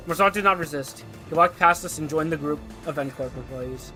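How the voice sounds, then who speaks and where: A young male streamer reading a game story out loud and reacting with excitement. His voice is high and bright, with faint music behind him. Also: fairly quick, few pauses.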